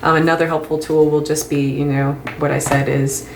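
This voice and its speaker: Low-voiced woman giving a casual lesson. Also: a little fast, slight background noise. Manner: relaxed and chatty, many ums, light laughs. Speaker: English mentoring trainer. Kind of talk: casual instructional talk. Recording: echoey room, faint ambience.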